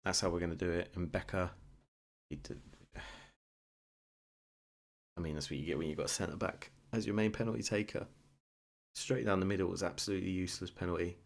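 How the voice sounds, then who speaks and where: Male gamer, deep voice, lively commentary over his own play, mutters then erupts. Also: fairly quick, gravelly, pauses often. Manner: excitable, swings between muttering and shouting. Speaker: gaming YouTuber. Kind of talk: live game commentary.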